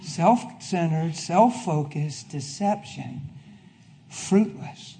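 A man preaches with fervent energy in a notably high voice, his delivery swinging from shouted declarations to quiet, intimate asides. Faint noise hums beneath the recording. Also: animated, extremely slow, creaky. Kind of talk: sermon.

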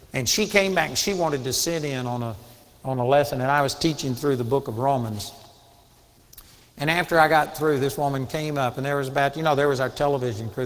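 A man preaching a sermon in an earnest, emphatic way, moving between quiet storytelling and raised exhortation. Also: fairly high pitch, creaky, in a large hall.

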